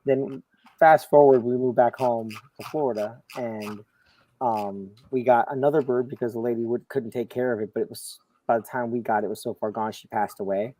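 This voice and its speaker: A man in his forties, a podcast co-host telling a long, animated story in casual chat. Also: mid-range voice, normal speed, poor audio. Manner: animated anecdote teller, acts out quotes.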